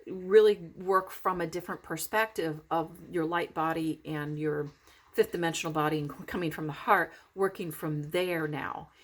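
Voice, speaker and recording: Heartfelt rambling woman, lowish voice. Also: fairly even intonation, normal speed. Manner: rambling, heartfelt, many fillers and restarts. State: recovering from illness, foggy-headed. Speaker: vlogger. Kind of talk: casual spiritual vlog talk.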